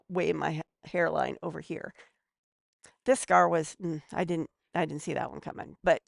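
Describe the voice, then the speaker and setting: Gravelly lady on a podcast, snarky chatty advice, dry close mic. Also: fairly low pitch, no room sound. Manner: chatty, a bit snarky, laughs easily. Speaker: podcast guest. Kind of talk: casual advice talk.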